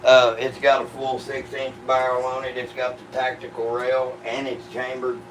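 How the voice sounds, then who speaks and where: A man's voice: medium pitch, completely flat delivery, normal speed, a little hiss or hum, rough recording. A man hosting a gun channel, answering live chat questions in a laid-back, profane, drawling way. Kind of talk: casual livestream chat.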